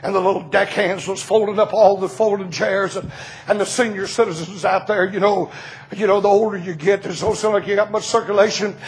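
A man preaching a revival sermon in a church, telling stories and rising into shouts. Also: sits high, fairly even intonation, fairly quick. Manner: storytelling, bursts into shouting.

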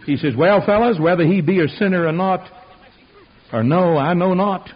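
An older man preaching a sermon, telling folksy stories that swing from quiet asides to loud outbursts. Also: high voice, moderate pace, husky. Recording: dull lo-fi radio recording.

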